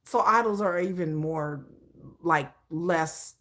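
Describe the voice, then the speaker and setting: A woman hosting a casual livestream, animated and opinionated, often breaking into laughter. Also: on the low side, slow pace. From United States. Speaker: livestream host.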